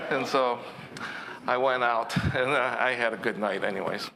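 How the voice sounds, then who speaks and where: A man's voice: medium pitch, measured pace, creaky, noisy background. A man preaching a sermon, telling a playful, teasing story about his past job.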